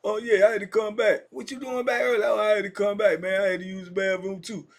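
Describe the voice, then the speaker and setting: A jittery young male cellmate, as a male storyteller plays him who stumbles over his words and keeps apologizing. The pitch is high and anxious. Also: level tone, fast talker, gravelly. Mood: nervous. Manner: stammering, nervous, apologetic. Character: nervous young male cellmate making excuses.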